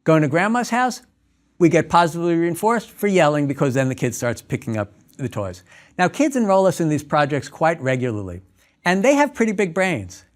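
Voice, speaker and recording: A man's voice: on the high side, big pitch swings, fairly quick. Man giving a storytelling lecture. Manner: storytelling, acts out dialogues. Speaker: clinical psychologist. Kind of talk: lecture talk.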